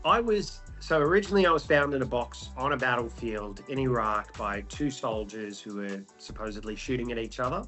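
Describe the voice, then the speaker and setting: With faint music in the background, a young man with an Australian accent talks a little fast and with few pauses, his mid-range voice bright and pushed. He's telling his story as an interview guest, joking a lot and stumbling through ums and restarts.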